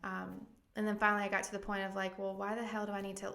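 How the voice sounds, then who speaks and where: A woman's voice: medium pitch, monotone, fast, vocal fry, a bit bright. A woman pastor giving a candid, emotional personal testimony as a podcast guest, earnest and full of ums and likes. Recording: echoey room.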